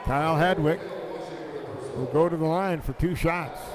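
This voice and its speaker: A man calling a basketball game play by play, excitable and quick in bursts. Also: on the high side, a crowd in the background. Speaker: play-by-play announcer. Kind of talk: live basketball commentary.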